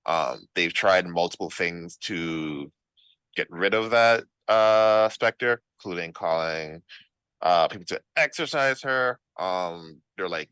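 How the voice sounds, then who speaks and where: A lower-pitched man with a bright, forceful tone runs a tabletop game as game master. His talk is relaxed and chatty, full of "um" and "like". The sound is dry and close, with no room echo. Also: unhurried, clear, resonant tone. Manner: relaxed, conversational narration with fillers.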